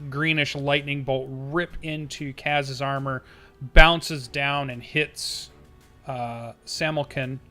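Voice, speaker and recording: A man narrating as game master of a tabletop game, slow and halting, with many fillers. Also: mid-range voice, steady tone, sharp tone, soft background music.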